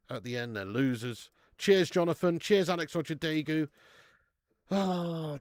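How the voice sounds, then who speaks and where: A man's voice: on the high side, a little slow, no room sound. Chatty man hosting a stream. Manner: chatty, swears freely, shouts out viewers by name. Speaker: live stream host. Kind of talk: casual live watch-along chat. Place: home.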